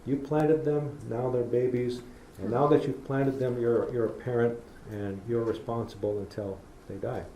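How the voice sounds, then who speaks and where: Gravelly-voiced man lecturing in an echoey hall. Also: medium pitch, steady tone, moderate pace, few pauses, dark tone, muffled recording, a little hiss or hum. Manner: storytelling, folksy, acts out talking to kids. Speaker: public lecturer. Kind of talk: public talk.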